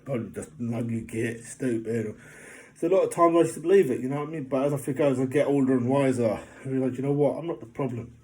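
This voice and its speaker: A man giving a casual motivational talk, rambling and often asking if the listener knows what he means, getting animated in funny stories. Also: mid-range voice, very fast, few pauses. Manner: rambling, keeps asking "do you know what I mean". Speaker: motivational vlogger.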